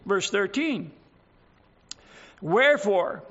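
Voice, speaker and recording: A man in his eighties preaching with a high, bright, ringing voice. He drives home each point with slow, emphatic repetition and weighty pauses. The recording sounds dull and lo-fi. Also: very animated. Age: 80s. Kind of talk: sermon.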